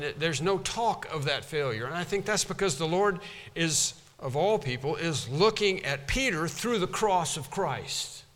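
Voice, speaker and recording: A man preaching an expository sermon, earnest and halting, often repeating words for emphasis. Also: a little high, fairly bright tone, big-room sound.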